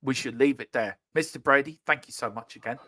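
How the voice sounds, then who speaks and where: A man's voice: medium pitch, fairly quick, sharp tone. A man hosting a casual live stream, jokey and teasing, reading viewers' chat aloud over a remote call. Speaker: livestream show host.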